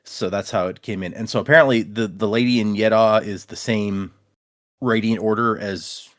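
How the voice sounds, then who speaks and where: A man's voice: lowish voice, moderate pace. A man co-hosting a podcast in a casual book chat, acting out the characters' lines. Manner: animated, acts out characters' lines. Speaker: podcast co-host.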